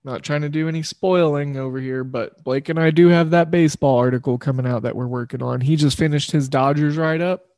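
A man's voice: on the high side, steady tone, brisk, few pauses, a little mellow, dry recording. Casual man talking sports bets, dry mic. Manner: loose, rambling, self-correcting. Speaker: sports betting show host. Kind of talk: casual sports betting talk.

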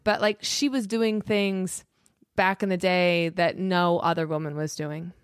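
A woman's voice: on the low side, steady tone, a little slow, clear, resonant tone, dry recording, clean studio sound. A woman in her forties, a podcast guest, talking casually and enthusiastically with many restarts and fillers.

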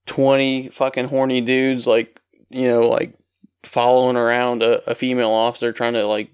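Man, smooth voice, dry close sound, loose rambling story. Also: mid-range voice, flat delivery, normal speed, no echo. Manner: loose, filler-heavy storytelling. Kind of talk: casual podcast chat.

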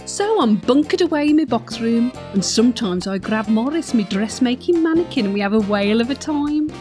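A woman's voice: fairly high pitch, lively intonation, brisk, dark tone, soft background music, close to an everyday voice. A woman playing a flirty gossip. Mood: chatty. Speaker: comic monologue character. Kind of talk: comic character monologue.

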